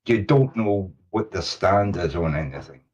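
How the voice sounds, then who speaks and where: A man in a casual online voice chat, reasoning aloud in a measured way. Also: low-pitched, very animated, darkish tone, muffled recording.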